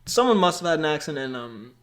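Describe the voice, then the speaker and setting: A man's voice: on the high side, big pitch swings, fast talker, fairly bright tone. A man co-hosting a casual podcast chat, rambling with fillers and laughing often. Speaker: podcast co-host.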